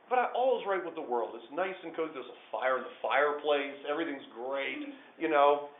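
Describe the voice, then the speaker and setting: A man telling a true story to a small group of listeners, animated, swinging between hushed and loud. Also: on the high side, a little fast, a little hiss or hum. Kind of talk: live personal storytelling to listeners. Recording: echoey room over a tinny phone-like line.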